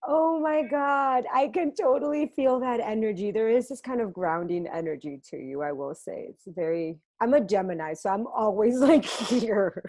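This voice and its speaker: A woman's voice: fairly high pitch, normal speed, hardly any pauses, darkish tone. A woman hosting an interview podcast, enthusiastic and effusive, often laughing. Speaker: podcast host. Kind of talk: conversational interview.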